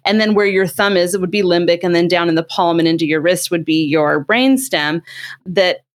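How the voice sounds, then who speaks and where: This parenting expert, a middle-aged woman, has a fairly low voice and keeps a moderate pace. Her delivery is chatty and explanatory, and she brings her stories to life by performing the quotes.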